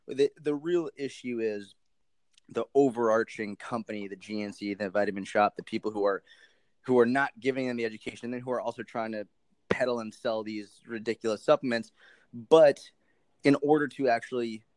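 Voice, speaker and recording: A man speaking as a podcast guest on nutrition, animated and rambling with many restarts. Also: lowish voice, no room sound. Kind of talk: casual interview chat.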